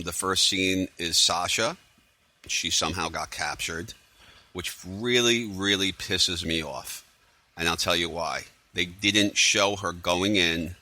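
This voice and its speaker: Brief: male solo vlogger, low voice with a sharp edge, sarcastic, rambling recap. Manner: rambling, sarcastic, many fillers. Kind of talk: casual spoiler recap.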